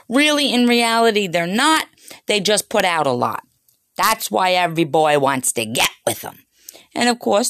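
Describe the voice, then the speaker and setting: A woman's voice: medium pitch, dry recording, clean studio sound. A middle-aged woman telling a crude story in a casual, chatty way, talking straight to her listeners.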